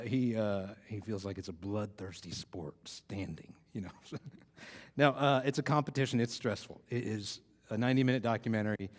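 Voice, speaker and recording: A man's voice: lowish voice, darkish tone. A man gives a casual youth sermon in a loose, rambling manner, sprinkling "like" and "uh" through what he says. His voice rings out with a long hall reverb. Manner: loose, rambling, lots of "like" and "uh", chuckles. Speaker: youth pastor.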